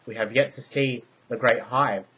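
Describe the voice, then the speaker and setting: A man's voice: mid-range voice, steady tone, moderate pace, pushed and bright, a little hiss or hum, lightly acted. A man reading a story aloud, voicing an anxious Minoan queen who pleads and presses with urgent questions. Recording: dull lo-fi recording.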